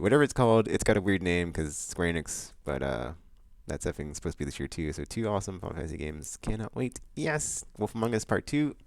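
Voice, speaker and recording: A man with a low, deep voice rambles through his monthly vlog. He is casual and full of fillers, breaks into excited bursts, and is recorded dry and close. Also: no room sound. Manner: loose, rambling, many fillers and restarts; excitable outbursts about upcoming games. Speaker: vlog host.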